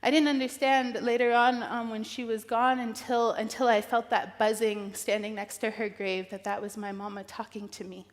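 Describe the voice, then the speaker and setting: A woman from northern New Mexico speaks in a fairly high voice, giving an earnest personal keynote. She talks haltingly, restarting lines and filling gaps with "um," and she is close to tears. Her voice rings out with the long reverb of a large event hall. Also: flat delivery. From northern New Mexico, US Southwest. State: emotional.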